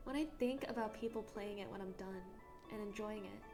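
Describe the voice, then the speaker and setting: A woman's voice: mid-range voice, a little fast, music in the background, natural voice. A woman voicing a young female dragon in a visual novel, an anxious but hopeful dreamer who talks in an earnest, confiding way.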